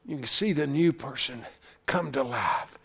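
A man preaching a sermon into a camera, swinging from loud shouting to hushed whispers and repeating phrases for emphasis. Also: mid-range voice, a little slow, vocal fry, husky. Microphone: camera he speaks into.

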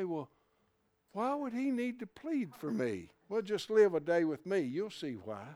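An older man preaching a sermon in a folksy way, swinging from hushed asides to loud shouts. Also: high voice, very animated, unhurried, no echo.

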